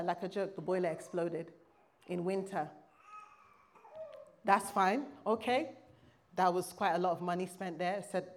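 A woman giving a church testimony in a preaching style. She is emphatic and exclaims, breaks into loud outbursts, then drops to hushed lines, and asks the audience for call-and-response. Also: medium pitch, expressive, normal speed, long pauses.

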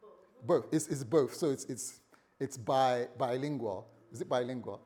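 A man's voice: unhurried, darkish tone. A man preaching a morning sermon in a conversational way, joking with the congregation and acting out the story's dialogue. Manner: conversational, playful asides to the congregation; acts out dialogue with shifting pitch and volume.

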